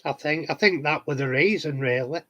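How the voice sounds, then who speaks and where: A man's voice: fairly high pitch, a little fast, bright, forceful tone. A middle-aged man with a Yorkshire accent, telling cheeky anecdotes in casual chat to his viewers from his shed. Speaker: hobbyist vlogger answering viewers. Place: home garden shed.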